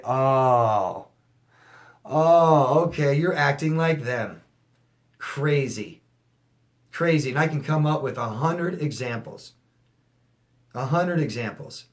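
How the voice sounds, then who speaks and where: A man coaching viewers in a casual monologue, animated and profane, rising to near-shouting emphasis. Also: fairly high pitch.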